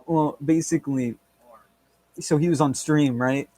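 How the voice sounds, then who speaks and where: A man's voice: on the high side, fairly even intonation, unhurried, mellow, no echo. A man co-hosting a podcast, chatting casually in a rambling, crude, joking way with lots of fillers. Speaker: podcast co-host. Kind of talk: casual chat.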